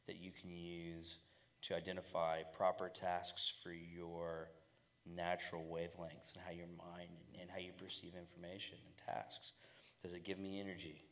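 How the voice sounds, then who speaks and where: A man's voice: low voice, fairly bright tone. A man on a casual panel, giving direct, confident, coach-like advice.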